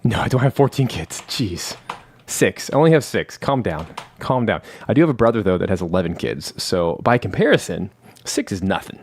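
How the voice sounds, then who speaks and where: A man's voice: fairly low pitch, sing-song, normal speed, a little hiss or hum. A man with a cold hosting a casual live stream from his home studio, talking in a chatty, rambling, self-deprecating way into a vocal mic. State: has a cold. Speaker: live stream host and composer. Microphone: studio vocal mic through a manual analog mixer.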